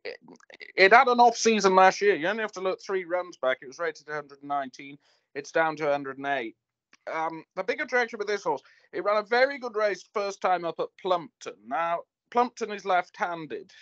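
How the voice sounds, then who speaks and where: Rambling racing tipster, slightly high. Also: male voice, lively intonation, normal speed, a bit bright, dry recording, dull audio. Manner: rambling, digressive, hesitant with fillers. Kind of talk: casual racing chat.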